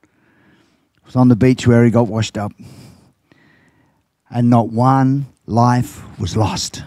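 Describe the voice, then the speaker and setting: A man's voice: steady tone, takes it slowly, warm tone, no room sound. An older man, a pastor preaching a sermon and telling stories, acting out quoted lines. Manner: storytelling, acts out quotes with big pitch jumps.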